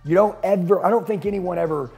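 A middle-aged male sales coach speaks in a slightly raised register, pressing hard with rapid rhetorical questions and blunt profanity. His delivery is emphatic and driving throughout. Faint music plays underneath. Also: high voice, gravelly, a little mellow. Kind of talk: motivational business coaching talk.

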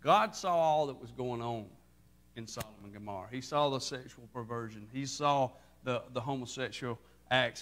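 A man preaching a sermon as pastor, telling the story with lively acted-out voices. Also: mid-range voice, moderate pace. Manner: animated storytelling, acting out voices with rising intensity.

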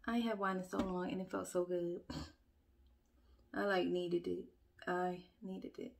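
A woman filming a relaxed get-ready-with-me at home, chatting straight to her viewers and poking fun at her own slip-ups. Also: on the low side, a little slow, vocal fry. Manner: chatty and self-mocking, talks straight to viewers. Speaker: beauty vlogger and mother. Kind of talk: casual get-ready-with-me chat. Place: at home, upstairs room.

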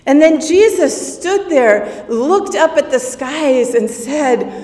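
A woman's voice: high-pitched, lively intonation, slow pace, darkish tone. A woman playing a grieving, awestruck sister telling her story in a first-person monologue, slipping into whispers at tense moments. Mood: earnest, awed. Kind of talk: first-person dramatic monologue in a worship service. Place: church sanctuary. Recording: echoey church hall.

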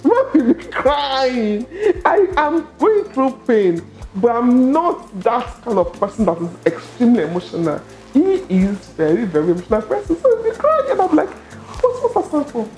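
Nigerian woman, warm low-bright tone, expressive storyteller, laughs often, faint music behind. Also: normal speed. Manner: expressive, laughs often, acts out quoted dialogue. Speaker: interview guest, entrepreneur. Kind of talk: animated personal storytelling.

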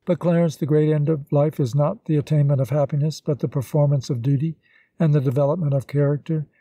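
A man reading the lines of an earnest young woman in an audiobook, speaking solemnly and in measured phrases. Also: fairly high pitch, steady tone, warm tone, no room sound. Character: earnest young woman renouncing her love.

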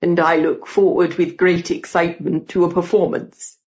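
A woman's voice: lowish voice, flat delivery, moderate pace, a little mellow, lo-fi sound, voice pushed down, lightly acted. A woman voicing a stout, jovial old lord with a pompous, slightly uneasy way of talking.

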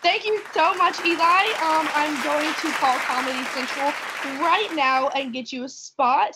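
A woman's voice: high-pitched, measured pace. Teenage girl, talent show emcee, playful, noisy background. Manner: upbeat, playful. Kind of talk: stage announcing. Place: school auditorium. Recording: noisy crowd in the room.

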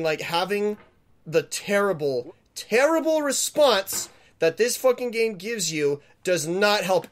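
A man playing a video game and commenting, panicky and swearing, pleading with the game and yelling when he fails. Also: on the high side. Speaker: gamer. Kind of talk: let's play commentary.

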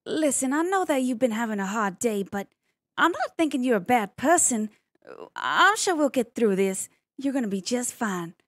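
A woman's voice: a little high, expressive, a little fast, fairly bright tone, no echo. Woman playing a bubbly Southern belle cadet. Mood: soothing. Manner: bubbly, giggly, eager to please. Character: eager young Southern belle police cadet applicant. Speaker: job applicant. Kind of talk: improvised police role-play.

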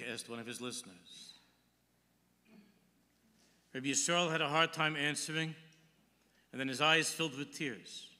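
A man's voice: a little high, a little slow, long pauses, bright, forceful tone. A man giving a sermon as a rabbi, telling a story and quoting Hebrew texts with English translation. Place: large synagogue hall. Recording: long hall reverb.

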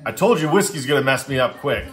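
A young male vlogger chatting to his camera in a loose, joking, upbeat way. His voice sits at an ordinary mid pitch for a man, with faint music playing underneath. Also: expressive, quick pace. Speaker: vlogger testing drinks on a breathalyzer. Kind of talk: casual on-camera vlog.

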